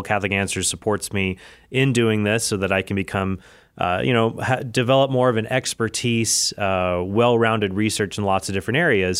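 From his office, a man hosts a casual solo podcast, chatting freely with frequent asides. His deep voice is a bit bright, clear and resonant. The recording is dry, with clean studio sound.

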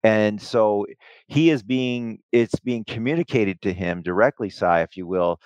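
A man with a somewhat low voice talks at length, retelling film scenes with frequent restarts and asides. The sound is dry and close, with no room around him. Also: a little slow, darkish tone, clear, resonant tone, dry recording. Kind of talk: casual discussion.

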